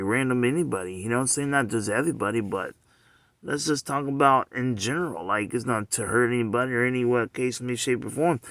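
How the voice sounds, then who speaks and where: A man's voice: medium pitch, fairly bright tone, no room sound, clean studio sound. A man talking straight to the camera in a loose, rambling monologue, circling back again and again with rhetorical questions and "you know what I'm saying.".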